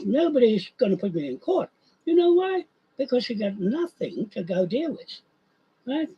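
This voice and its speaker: A man's voice: sits high, mellow, slightly rough, highs cut off. An older man, ranting in a rambling monologue and repeating himself. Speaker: vlogger.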